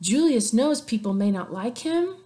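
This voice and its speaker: A woman teacher walks her class through history in a playful, chatty way, full of sarcastic asides. Her voice is high, and its pitch rises and falls a great deal. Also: animated, moderate pace, dark tone. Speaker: sixth grade teacher. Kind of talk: animated history lesson.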